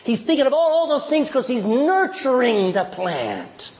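A middle-aged man preaching a sermon, animated and emphatic, acting out little scenes and hammering points with repetition. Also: very high voice, unhurried.

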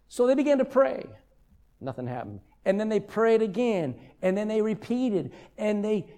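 An older man preaching a sermon as a pastor, telling stories with humor. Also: sits high. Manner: humorous, lively storytelling.

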